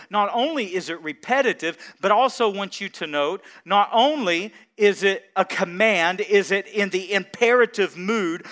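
A man's voice: sits high, sharp tone, clean tone. A man preaching a sermon as pastor, building to emphatic repeated phrases and chuckling between points.

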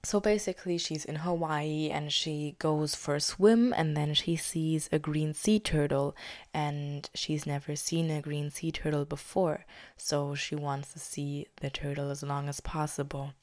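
A young woman with a low, deep voice hosts her own podcast and retells a story in a loose, chatty way. She leans on fillers like "like" and "basically" and now and then sinks into a soft whisper. The recording is dry, with no room sound. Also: level tone, measured pace, no echo. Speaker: podcast host. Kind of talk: casual spoken storytelling. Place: living in Germany.

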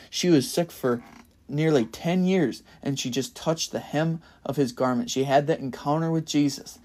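A young man giving a casual, earnest Bible-study sermon as a podcast preacher, getting louder in bursts of excitement. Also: fairly high pitch. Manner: earnest and enthusiastic, rising to loud bursts of excitement.

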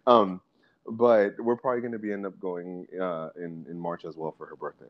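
A man's voice: sits low, level tone, moderate pace, muffled recording. A man in his thirties chatting casually as a podcast guest, joking and laughing a lot. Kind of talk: casual chat.

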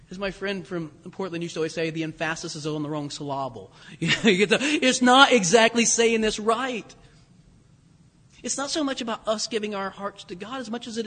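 A middle-aged man preaching a sermon, conversational and animated, with asides and fillers. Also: high voice, big-room sound. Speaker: pastor.

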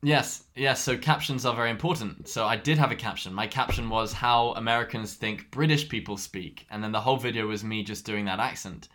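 A man telling a story in casual podcast chat, animated and laughing often. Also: on the low side, brisk, hardly any pauses. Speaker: podcast co-host.

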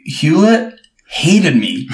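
A man's voice: high-pitched, wildly swooping pitch, extremely slow. A man from Uruguay, a podcast co-host, chatting casually and laughing often as he tells self-mocking stories. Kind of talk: casual chat. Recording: roomy echo.

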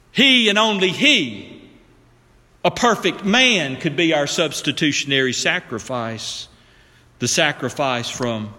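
A pastor preaching a slow, emphatic sermon, talking directly to the congregation and dropping to a low hushed voice for weight. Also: male voice, big-room sound.

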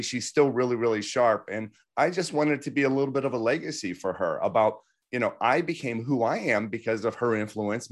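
A man hosting a podcast interview, talking with enthusiasm and affirming his guest, with lots of fillers. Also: on the low side. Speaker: podcast host. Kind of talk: casual interview talk.

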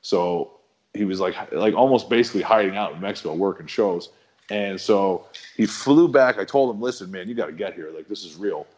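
A middle-aged man telling a long story in a relaxed, rambling, slangy way as a guest on a chat show. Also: low-pitched, fairly quick. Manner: rambling, laid-back, slangy. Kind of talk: casual storytelling.

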